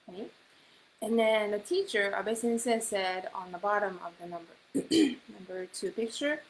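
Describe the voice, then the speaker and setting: A woman teaching a Japanese class in English, explaining phrases and repeating them slowly. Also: medium pitch, rough recording. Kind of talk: online language class. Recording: faint hiss.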